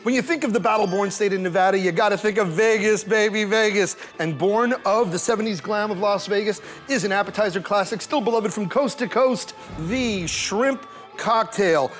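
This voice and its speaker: A man's voice: high-pitched, moderate pace, soft background music. A man from New York presenting state dishes in a playful, pun-heavy showman style. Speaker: food show host. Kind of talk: punny scripted food presentation.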